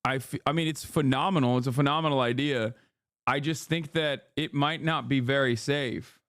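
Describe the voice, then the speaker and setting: A man hosting a live stream, talking in brash, profane, casual commentary with quick asides into a close mic. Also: medium pitch, fairly even intonation, a bit bright, no echo. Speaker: livestream host.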